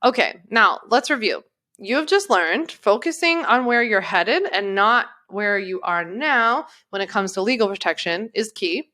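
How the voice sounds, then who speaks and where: A woman in her thirties, an attorney and coach, giving an upbeat and encouraging sales pitch in a webinar. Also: animated, unhurried, pushed and bright.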